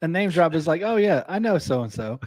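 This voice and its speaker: A man's voice: on the high side, big pitch swings, a little fast, a little mellow, dry recording. A man co-hosting a casual talk show, teasing the host with jokes and laughter. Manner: teasing, laughing, jokey interjections. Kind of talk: casual chat.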